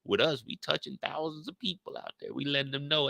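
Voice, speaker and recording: Casting: slangy laid-back male host, gravel in the voice, dry close sound. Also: a little high, brisk, hardly any pauses, bright, forceful tone, no room sound. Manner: laid-back, slangy, repeats his points. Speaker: YouTube show host. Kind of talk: casual recap chat.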